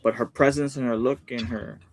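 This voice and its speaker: Male podcast co-host, mid-pitched voice, laid-back, casual wrestling chat. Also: fairly even intonation, brisk.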